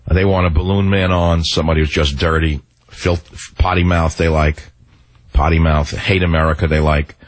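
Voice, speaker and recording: A man's voice: very deep voice, steady tone, normal speed, dry recording. An older man hosting a talk radio show, swinging from tender musing to angry ranting with rhetorical questions.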